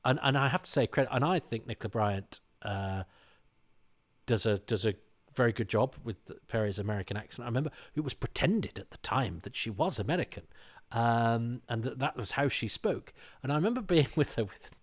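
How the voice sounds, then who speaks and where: A middle-aged man holds forth in a casual podcast monologue. His voice sits at an ordinary middle pitch, and he tells his stories in an animated, indignant way. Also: brisk. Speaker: podcast host.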